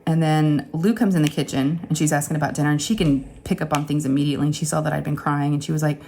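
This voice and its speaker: A woman's voice: sits low, steady tone, fast talker, a little mellow, slight background noise. A woman in her forties, a craft channel host, telling a candid personal story in a rambling, emotional way from her home craft room.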